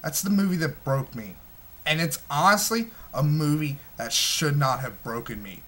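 A man in his twenties rants through a movie review in a tense, forceful voice that sits a little high. His talk is agitated and thick with profanity. He keeps stumbling into restarts mid-sentence. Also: lively intonation, moderate pace. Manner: smoking while talking.

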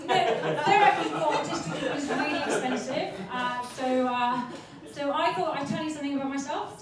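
Brief: high-voiced woman comic, brash and crude, very echoey club sound heard from a distance. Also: background noise. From Poland. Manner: brash, profane, self-mocking. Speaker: stand-up comedian. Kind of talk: stand-up comedy set. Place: comedy club stage. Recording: echoey club room, far from mic, audience laughter.

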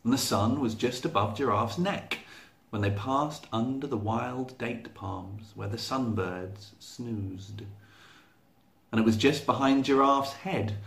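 A male storyteller reading a picture book aloud to children, unhurried and expressive. His voice carries a gravelly texture at a middle pitch, and the room gives it a noticeable echo. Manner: slow, clear, expressive read-aloud. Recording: echoey room.

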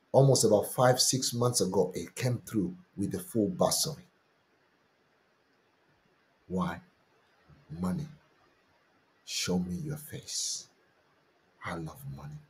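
A man preaching a sermon and telling a testimony in a slow, deliberate way with lots of repetition. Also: deep voice, a little hiss or hum.

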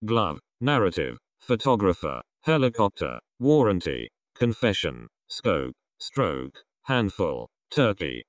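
A man reading a vocabulary list aloud, one word at a time with pauses between. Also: low voice, sing-song, no echo, studio quality. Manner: isolated words with pauses between.

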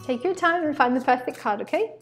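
Female card reader, high voice, excitable and rambling delivery, faint music underneath. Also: brisk. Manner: excitable, rambling, many "like" fillers. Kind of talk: chatty card reading to viewers.

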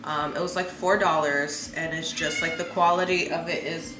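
A woman's voice: deep voice, fairly even intonation, moderate pace. A woman around thirty chatting casually on her vlog, loose and rambling, swearing offhandedly and drifting into side comments. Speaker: beauty vlogger and makeup brand owner. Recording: echoey room with music playing.

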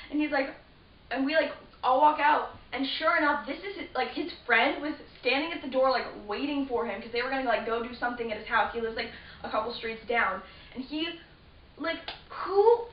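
A teenage girl with a fairly high voice rambles through a story, stacking fillers and restarting her sentences. She sits some way from the mic in a roomy space. The sound is dull and lo-fi under a faint hiss. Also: normal speed, far from the mic. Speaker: vlogger. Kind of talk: casual storytelling to camera.

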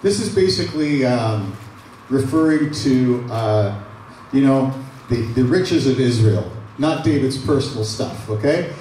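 A man with a Canadian accent, a pastor preaching a sermon, animated and casual as he reads scripture and retells it in plain words. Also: medium pitch, measured pace, a little hiss or hum. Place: large church hall. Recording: echoey hall, mic from far off.

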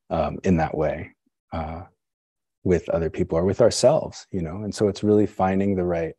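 A man's voice: deep voice, fairly even intonation, a little slow, dark tone, slightly rough, dry recording. A man, a Zen teacher, giving a conversational dharma talk, musing aloud and often checking in with "right?" and "you know". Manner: conversational, musing, self-questioning.

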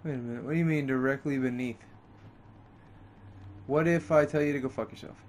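Speaking briskly over a little hiss or hum, the let's play commentator grows frustrated with his game and swears heavily, his voice jumping up each time he loses his temper.

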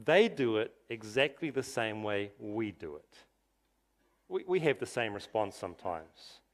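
Male pastor, delivering a sermon. Slow and deliberate, with a lively, swooping pitch. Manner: emphatic, rhetorical questions, drops to soft quiet tones for emphasis.

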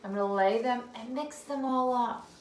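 A woman teacher leading a phonics game for young children, sounding out words slowly, repeating them and praising the child between turns. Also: a little high, darkish tone, echoey room, slight background noise. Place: home room.

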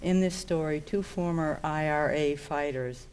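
A woman author reading aloud from her own short story in a steady, measured way. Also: low voice, a little hiss or hum.

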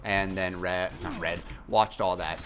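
Rambling young man, low voice. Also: steady tone, a little slow, over music. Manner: rambling, self-mocking, casually profane. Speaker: gaming YouTuber. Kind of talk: casual chat while playing a game.

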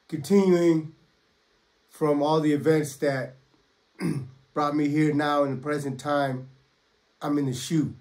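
Middle-aged man, fairly high voice, blunt and streetwise, casual storytelling, clears throat a lot. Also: darkish tone. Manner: blunt, streetwise, quotes others in dialogue, clears throat often. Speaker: storyteller recounting prison life. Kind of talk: casual first-person storytelling.

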